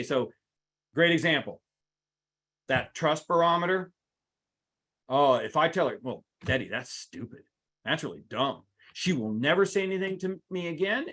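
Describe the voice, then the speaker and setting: A man's voice: mid-range voice, a bit bright. A man teaching a live workplace seminar, talking straight to the audience with playful asides. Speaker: workplace trainer.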